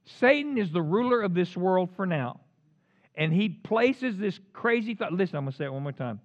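A man preaching a sermon, swinging between loud emphatic lines and quiet asides. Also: sits high, animated, moderate pace, muffled recording. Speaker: pastor.

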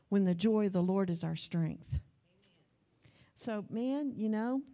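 A woman's voice: fairly high pitch, darkish tone. A woman pastor preaching a sermon, acting out quotes and speaking to the congregation in asides.

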